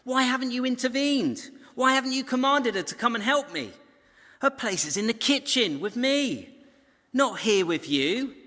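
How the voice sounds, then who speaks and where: A man's voice: very high-pitched, lively intonation, normal speed, sharp tone, voice pushed up, exaggerated voice. A man voicing an exasperated, overworked woman who complains indignantly that her sister won't help. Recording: long hall reverb.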